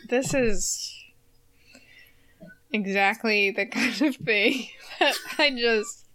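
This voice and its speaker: A woman co-hosting a casual chat, laughing often and filling pauses with "like" and "uh". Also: on the high side, bright, forceful tone. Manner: giggly, laughs often, filler-heavy. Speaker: podcast co-host.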